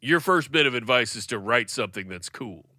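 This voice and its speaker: A man in a comedy podcast with a lively, swinging voice and a very bright tone. He sounds dry and close, encouraging but a little flustered. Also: medium pitch, brisk, no echo. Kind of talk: casual comedic banter.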